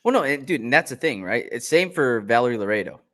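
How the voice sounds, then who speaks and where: A man's voice: medium pitch, lively intonation, quick pace, fairly bright tone. A man co-hosting a casual chat show, easygoing and jokey, steering the run-through. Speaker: podcast co-host.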